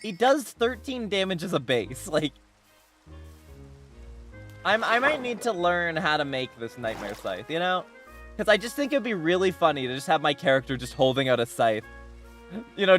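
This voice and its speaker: A man's voice: on the high side, big pitch swings, normal speed, fairly bright tone, faint music behind. A man chatting casually while streaming a game, rambling with many restarts and bursts of laughter. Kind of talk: casual game livestream chat.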